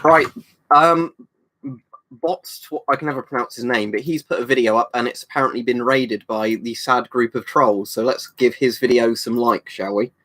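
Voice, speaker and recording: A British man hosts a casual livestream, reading out viewer comments between stories. His pitch sits right in the middle for a man, and he rambles with plenty of ums and restarts. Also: moderate pace, fairly bright tone. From United Kingdom. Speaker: livestream host.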